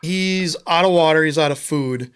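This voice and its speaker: A man's voice: a little high, normal speed, fairly bright tone, smooth. A man co-hosting a live talk show, telling a long joke in a rambling, casual way and searching for words. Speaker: podcast co-host.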